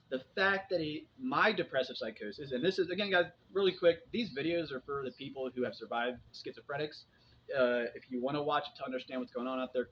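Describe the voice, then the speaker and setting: A man in his forties talking in a casual, rambling monologue to his viewers, often restarting his sentences and dropping in fillers. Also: mid-range voice. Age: 40s. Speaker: vlogger sharing personal experience. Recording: dull lo-fi sound with faint background noise.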